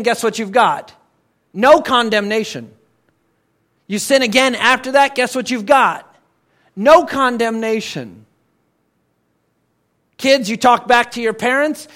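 A man's voice: very high voice, a bit bright. A male pastor preaching a sermon in a church, conversational and emphatic, often repeating words for stress.

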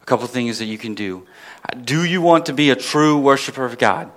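A man's voice: mid-range voice, lively intonation, a little fast, fairly bright tone. A man preaching a sermon at a church gathering, asking his listeners questions and building to emphatic peaks.

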